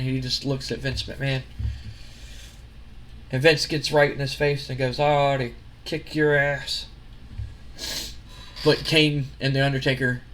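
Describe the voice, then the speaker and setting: A man's voice: medium pitch, fairly bright tone, a little hiss or hum. A man hosting a gaming video, narrating a recap casually with some restarts.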